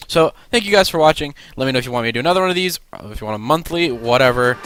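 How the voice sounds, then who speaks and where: A young man with a slight lisp and a stiff, swollen mouth, chatting in a rambling, excitable way as a vlogger. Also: on the high side, fast, few pauses. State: stiff swollen mouth after dental surgery. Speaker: vlogger and ride operator. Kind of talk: casual vlog chat.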